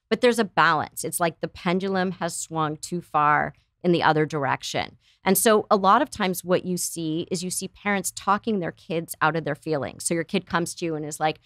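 Speaking as a guest in a conversational interview, this middle-aged American therapist earnestly explains ideas and performs the voices she quotes. Her lowish voice is a bit bright, moving at a moderate pace with few pauses, captured dry in a clean studio.

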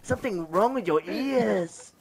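A man playing a gruff tough-guy survivor in game roleplay, shouting orders and swearing, his throat sore from the put-on voice. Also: sits high, animated, unhurried, background noise. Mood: aggressive. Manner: shouting commands, swearing, says man constantly. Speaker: roleplay streamer.

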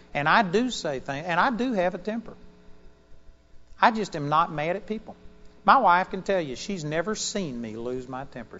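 A preacher delivering a sermon to a congregation in an auditorium, swinging between loud emphatic bursts and quiet asides. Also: male voice, on the high side, in a large hall, highs cut off.

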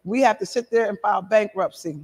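A middle-aged woman pastor preaching a sermon and giving her testimony, animated, shouting and laughing between lines. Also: mid-range voice, a little fast, husky. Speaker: apostle and pastor. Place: church sanctuary. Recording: reverberant hall.

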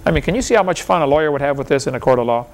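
Male seminar speaker, pitched a bit high, argumentative and folksy with a chuckle. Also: lively intonation, very fast, slight background noise. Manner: folksy, argumentative, fires rhetorical questions, chuckles often. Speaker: seminar lecturer. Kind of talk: lecture to a live audience.

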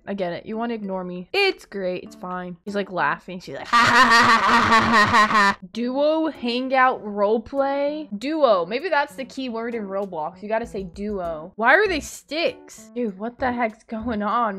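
A young woman with a somewhat high voice, commentating on her game with sassy, teasing remarks. She jumps between mock outrage and giggles. Faint music plays behind her. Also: fairly bright tone. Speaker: gaming YouTuber. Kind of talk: gameplay commentary.

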